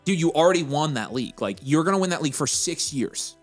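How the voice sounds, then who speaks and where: A man co-hosting a live fantasy football Q&A, excitable and joking, often incredulous. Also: on the high side, fast talker, soft background music. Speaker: podcast co-host.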